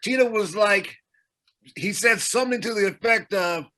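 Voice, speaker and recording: A man with a high, strikingly bright and forceful voice tells a story on a casual podcast. He rambles, strings thoughts together with "like" and slips into acting out what other people said. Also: normal speed. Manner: animated, rambling, heavy use of "like", acts out others' lines.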